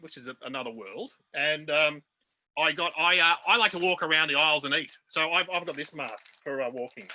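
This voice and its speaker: An Australian man doing a stand-up comedy set over a video call from home, chatty and self-deprecating, with quick asides to his audience. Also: on the high side, bright, forceful tone. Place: home room.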